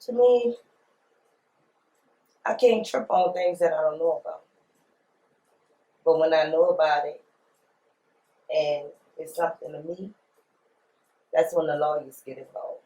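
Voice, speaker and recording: A woman's voice: low-pitched, unhurried, long pauses, mellow. A woman, telling her story in an interview in a blunt, emphatic way, repeating phrases and using slang. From New Orleans, USA. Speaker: rapper being interviewed. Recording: roomy echo.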